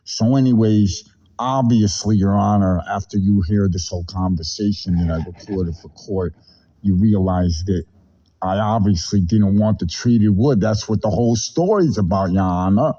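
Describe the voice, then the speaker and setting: A man making an angry, meandering complaint over the phone, masking his irritation with a put-on calm. His voice is low and mellow, and the recording sounds dull and lo-fi. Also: moderate pace. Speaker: customer on a phone call. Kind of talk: confrontational phone call.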